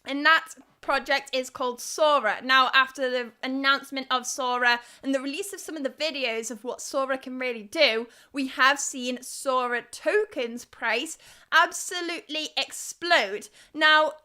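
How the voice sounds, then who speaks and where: A woman's voice: sits high, unhurried, bright, forceful tone, clean tone. A young woman with a Liverpool accent hosting a live crypto news stream, chatty and reading viewer comments aloud. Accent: Liverpool (Scouse). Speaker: livestream host.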